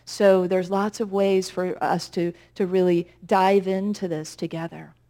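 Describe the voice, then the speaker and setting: A woman minister giving a conversational, gently humorous sermon with reflective pauses. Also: fairly low pitch, flat delivery.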